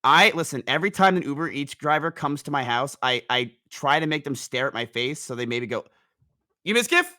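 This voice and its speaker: A young man in casual chat, telling a long story in a rambling, animated way. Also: mid-range voice, fairly quick, few pauses. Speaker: guest storyteller.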